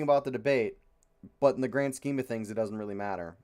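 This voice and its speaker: A man's voice: medium pitch, fast talker, a little mellow. A young man hosting a casual podcast, rambling and frustrated, with many fillers and free swearing. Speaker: podcast host. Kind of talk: casual opinionated chat.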